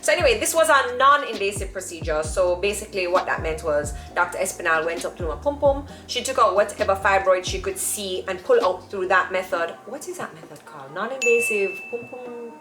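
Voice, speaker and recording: A woman telling a personal story to camera in a chatty, animated way, acting out the people in it. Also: medium pitch, a little fast, few pauses, roomy sound, music in the background. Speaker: vlogger.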